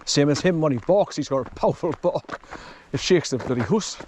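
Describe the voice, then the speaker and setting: Older guy in his 60s rambling on a countryside walk, voice sits a bit high, faint hiss behind. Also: expressive, a little fast, a little mellow. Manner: rambling and chatty, swears casually. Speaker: vlogger. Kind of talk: casual walking vlog. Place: outdoors in quiet countryside.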